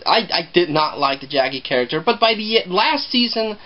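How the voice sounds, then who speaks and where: A man's voice: high voice, very animated, moderate pace, highs cut off. A man talking through a movie review in a casual, rambling way, often repeating himself.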